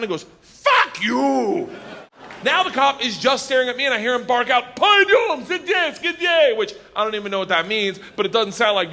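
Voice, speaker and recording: Male stand-up, animated storyteller, laughs through punchlines, slightly high voice, live club reverb with crowd. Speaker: stand-up comedian. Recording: roomy live club, audience noise.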